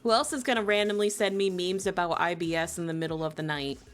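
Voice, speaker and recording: A woman's voice: quick pace, soft background music. Giggly, teasing woman streamer. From New Jersey, US. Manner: playful, teasing, giggly, big swoops of pitch when excited. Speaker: live streamer. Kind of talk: casual live-stream chat with viewers.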